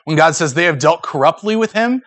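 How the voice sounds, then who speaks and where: Male pastor, higher-pitched, conversational sermon delivery, dry close sound. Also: animated, fairly quick, fairly bright tone, no room sound. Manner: earnest, conversational preaching with acted-out asides.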